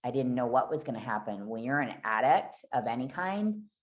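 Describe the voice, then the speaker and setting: A woman's voice: very deep voice, expressive, moderate pace. A woman guest on a podcast, candidly telling a raw, emotional personal story and swearing freely.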